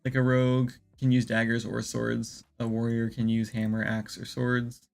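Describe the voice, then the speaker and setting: On a casual livestream, an indie game developer thinks aloud in a monotone at normal speed. The gravelly, fry-heavy voice sits at a middle pitch, rambling and circling back with many fillers, as soft music plays faintly underneath.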